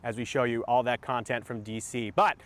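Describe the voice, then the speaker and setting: A man reporting on location for a local TV news broadcast, measured and conversational. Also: mid-range voice, fairly even intonation, fairly bright tone. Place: outdoors near a government building.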